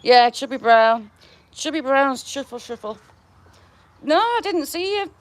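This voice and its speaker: A woman's voice: high voice, lively intonation, unhurried. Chatty woman with chickens. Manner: chatty and affectionate, laughing between remarks. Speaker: livestream host feeding her chickens. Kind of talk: casual live chat with viewers. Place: outdoors in a chicken run. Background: chickens clucking and a rooster.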